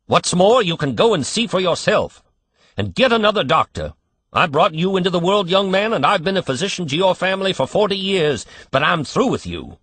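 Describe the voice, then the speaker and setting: A man's voice: sits high, big pitch swings, brisk, a bit bright, voice pushed up, heavily acted. A man voicing an irritable older family doctor who speaks sharply and indignantly.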